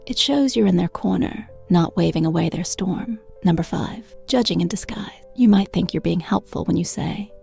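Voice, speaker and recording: Woman narrator, gravelly and warm, friendly advice-giving read. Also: fairly low pitch, normal speed, few pauses, faint music behind. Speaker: self-help video narrator. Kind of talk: scripted narration.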